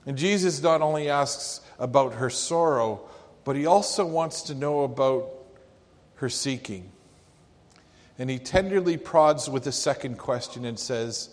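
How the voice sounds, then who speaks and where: A man preaching a sermon, in an earnest and reflective way. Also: medium pitch. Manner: slow, earnest, reflective delivery. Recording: long hall reverb.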